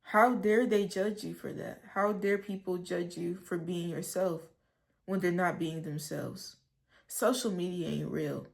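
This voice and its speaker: A woman's voice: on the low side, fairly even intonation, measured pace, gravelly. A young woman in her early twenties giving heartfelt, blunt life advice straight to the camera, tearful and emotional. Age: young adult. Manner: earnest, emotional, blunt with swearing. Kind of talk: heartfelt direct-to-camera talk.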